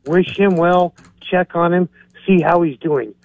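Caller guy telling a joke, steady, dry thin phone line. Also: high voice, unhurried, no room sound. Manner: steady storytelling.

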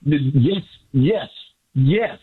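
A man's voice: fairly high pitch, very slow, breathy edge. Ecstatic man calling in by phone. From Miami area. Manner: excited, boastful, repeats himself. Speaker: caller. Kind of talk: excited sports radio call-in. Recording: phone line.

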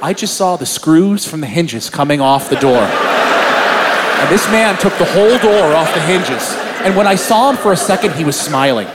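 A man in his thirties performs a crude, animated stand-up set. His voice sits high and swings widely in pitch. Loud audience noise and laughter fill the live club recording. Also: moderate pace, a loud crowd. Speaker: stand-up comedian.

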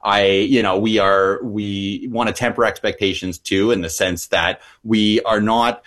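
A man's voice: fairly low pitch, steady tone, unhurried, a bit bright. A man who works as an emergency physician, answering interview questions eagerly with frequent restarts.

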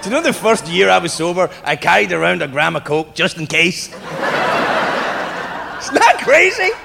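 A man doing a stand-up comedy set, telling stories in animated fashion and slipping into put-on voices. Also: on the high side, quick pace, vocal fry. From England. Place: large comedy venue with live audience. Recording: echoey hall, noisy crowd.

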